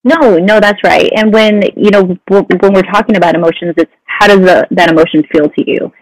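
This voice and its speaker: A woman's voice: mid-range voice, fairly even intonation, fairly quick, no echo, low-quality recording. A woman counselor talking casually as a podcast guest, often saying "you know". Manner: conversational, many "you know" fillers. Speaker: mental health counselor guest.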